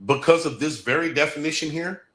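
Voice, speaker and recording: A man with a bright, ringing voice that sits a bit high delivers an emphatic livestream lecture with a Black lilt. He repeats his key points and keeps pressing the listeners. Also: fairly quick. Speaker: guest presenter. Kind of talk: livestream talk.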